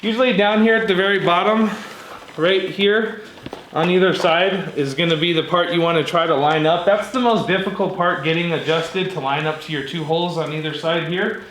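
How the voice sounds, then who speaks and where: A man with a fairly high voice talks viewers through a repair in a relaxed, chatty way, calling them guys. He sounds like he is working in an echoey garage, and the camera mic picks up faint background noise. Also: moderate pace. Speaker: DIY vehicle tutorial host. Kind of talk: casual hands-on how-to walkthrough. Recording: roomy echo with faint noise.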